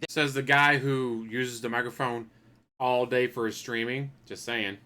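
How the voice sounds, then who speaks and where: A man makes dry, mocking asides over clips in a bright, clear voice. He speaks at an ordinary middle pitch, with the sarcastic tone of a commentary host. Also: steady tone, a little slow.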